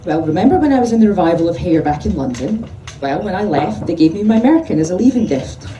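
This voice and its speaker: A woman voicing a wry, deadpan young woman, read aloud at a live event. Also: lowish voice, fast talker, dull audio. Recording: roomy hall from far off, noise.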